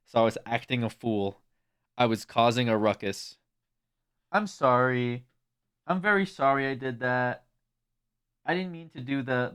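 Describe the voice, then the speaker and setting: Chatting from home with his live-stream audience, this man swears without restraint and laughs a lot. He has a smooth, mid-range voice, and calling his cat, he softens it to a hushed coo.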